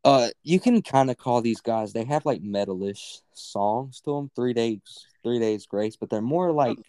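A man's voice: mid-range voice, a little slow, dark tone, clear, resonant tone, no room sound. A young man co-hosting a podcast, rambling in casual, unscripted chat full of fillers and swearing. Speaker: podcast co-host.

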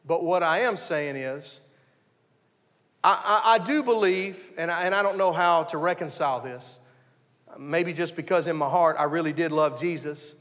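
A man's voice: a little high, normal speed, fairly bright tone, long reverb tail. A man preaching a conversational sermon, telling his story earnestly and often restarting his sentences. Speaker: pastor.

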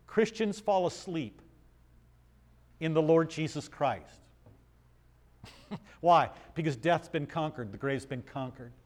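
A man's voice: a little high, expressive, slow, pauses often. A man preaching a Bible study sermon, reading passages aloud and asking his listeners questions in a conversational way. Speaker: pastor.

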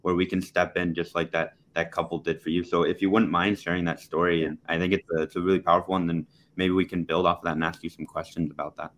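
A man's voice: sits low, little pitch movement, fast talker, hardly any pauses, fairly bright tone, slight background noise. A man hosting a podcast, asking a guest a question politely, with hesitations and repeated words. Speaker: podcast host. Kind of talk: interview question.

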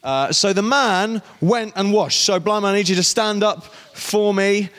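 A man's voice: high-pitched, a little slow, a bit bright, big-room sound. A man giving an interactive youth talk as guest speaker, playfully directing volunteers on stage.

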